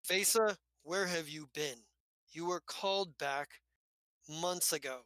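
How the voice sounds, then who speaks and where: A man playing a stern middle-aged father who runs a business and talks down to his grown child, lecturing in a patronizing way. The voice is bright and pushes forward. It is recorded close on a dry mic. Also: a little high, slow, no echo, rough recording. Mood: scolding. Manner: lecturing, condescending.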